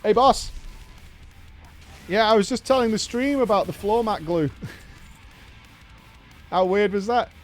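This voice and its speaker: A man chatting casually with his live-stream chat, telling a story with lively, acted-out dialogue and casual swearing. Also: high voice, slow pace, long pauses, faint music behind.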